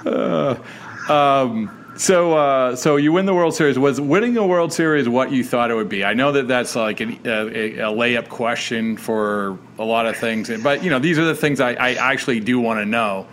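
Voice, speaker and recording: A man's voice: mid-range voice, normal speed, a bit bright, a little hiss or hum. A man hosting an interview show, asking questions in a loose, chatty way and laughing easily. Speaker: podcast host. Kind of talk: casual interview conversation.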